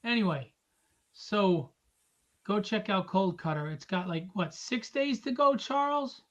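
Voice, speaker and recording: A man's voice: high voice, animated, measured pace, lo-fi sound. A man hosting a live drawing stream, chatting casually and rambling through jokes and plugs. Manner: joking, rambling, teasing.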